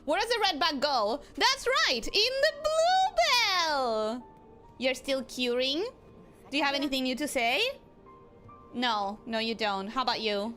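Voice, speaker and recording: A young woman streaming a game in a casual, expressive way, often bursting into exasperated outcries. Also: sits high, unhurried, faint music behind.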